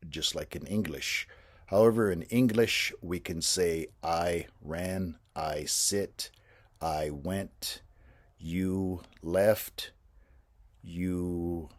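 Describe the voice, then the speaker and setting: A man patiently explaining a language lesson to teachers in a measured, instructional way. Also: low voice, darkish tone.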